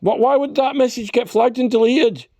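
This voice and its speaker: A man's voice: very high-pitched, moderate pace, darkish tone, dry recording. A man delivering a rambling, profane rant straight to camera, checking in with a constant "right?". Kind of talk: ranting vlog monologue.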